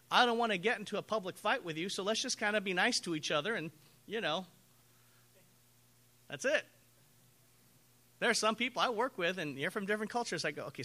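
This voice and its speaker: Man, pastor, sermon, high pitch, very bright forceful tone, animated storytelling. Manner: animated storytelling, acts out quoted voices.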